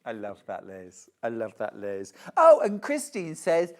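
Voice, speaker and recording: Gushing low-voiced shopping presenter woman. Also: huge pitch swings, a little slow. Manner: gushing, chatty, reads out viewer messages. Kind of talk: live TV sales presentation.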